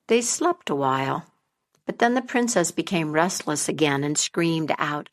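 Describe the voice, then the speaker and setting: Slow expressive woman storyteller. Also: sits low. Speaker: storyteller, podcast host. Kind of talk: folk tale narration.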